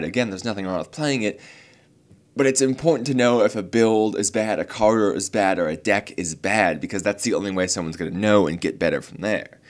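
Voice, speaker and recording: A young man speaks casually to his viewers with a notably deep, low-pitched voice. He rambles, restarts sentences and leans on fillers, sounding earnest and a little exasperated. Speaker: card game channel host. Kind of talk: casual talk to camera.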